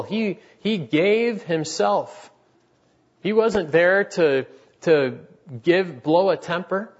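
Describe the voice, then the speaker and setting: A man in his thirties preaching a sermon in an earnest, halting way, with many restarts and fillers. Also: a little high, husky, highs cut off.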